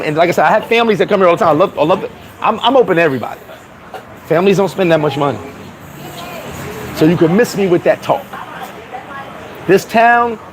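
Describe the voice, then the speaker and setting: A man vlogging outdoors in town, telling stories in an emphatic, animated casual rant. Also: on the high side, rough recording.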